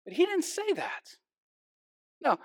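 Animated male pastor preaching. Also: very high voice, slow pace, dry recording, studio quality. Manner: animated preaching, swinging from loud emphasis to hushed intensity. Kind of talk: sermon.

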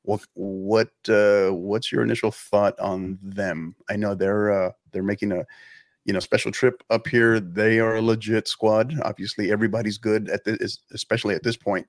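Low-voiced male sports host. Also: flat delivery, normal speed, dry recording, studio quality. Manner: conversational, ends points with "right?". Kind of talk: casual interview.

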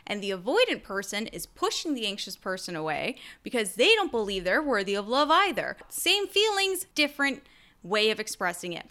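Bright, chatty woman podcaster. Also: fairly high pitch. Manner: chatty, animated, acts out people with playful quoted voices. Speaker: podcast host. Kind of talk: casual solo podcast talk.

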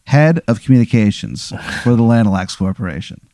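A man as a calm eerie company spokesman, slow deliberate words, mellow dry tone. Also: on the low side, dry recording. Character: smooth male corporate spokesman, unsettling.

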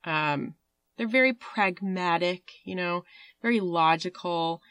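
A woman's voice: lowish voice, slow pace, a bit bright, clear, resonant tone, dry recording. A woman hosting a podcast, telling a story in a rambling, casual way with fillers and swearing. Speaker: podcast host.

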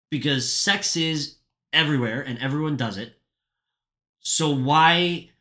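A man's voice: fairly high pitch, pushed and bright. A man talking bluntly in a casual podcast chat, swearing freely and pressing his point.

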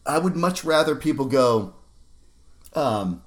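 A man's voice: on the low side, expressive, unhurried. Laughing, foul-mouthed male podcast host. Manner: laughs often, curses freely. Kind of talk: casual chat.

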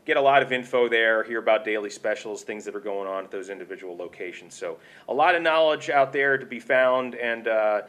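A man's voice: mid-range voice, fairly quick, few pauses, a bit bright. A man hosting a company podcast, chatty and joking, rambling a little as he moves between topics. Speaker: podcast host. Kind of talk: casual chat.

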